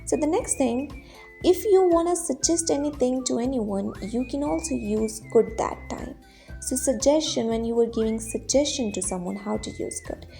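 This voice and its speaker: A woman teaches a grammar lesson, stepping through example sentences. Her voice sits a little high and moves up and down a lot, with a mellow, gravelly texture. Soft music plays faintly behind her. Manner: explains step by step with example sentences. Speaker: English teacher.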